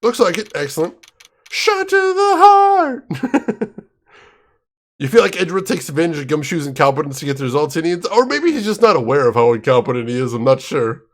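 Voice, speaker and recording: A man's voice: a little high, sing-song, fast talker, hardly any pauses. Easygoing male gaming commentator. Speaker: let's play streamer. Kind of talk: casual game commentary.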